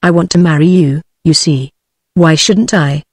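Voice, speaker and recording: A computer-generated woman's voice with a British English accent reading the lines of a soft, insistent young farmhand in an audiobook. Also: low voice, fairly even intonation, a little slow, no echo, studio quality. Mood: softly insistent. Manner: softly insistent, repeating himself.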